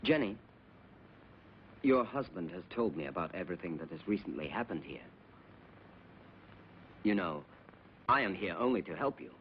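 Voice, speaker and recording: An actor playing a gentle, concerned doctor in dubbed film dialogue, reassuring in manner. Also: male voice, low voice, lively intonation, moderate pace, pauses often, slight background noise. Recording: dull old film soundtrack.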